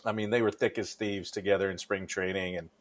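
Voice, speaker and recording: A man's voice: sits low, steady tone, fairly quick. A man from Nebraska co-hosting a sports talk show, telling stories in an enthusiastic, rambling way. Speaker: co-host.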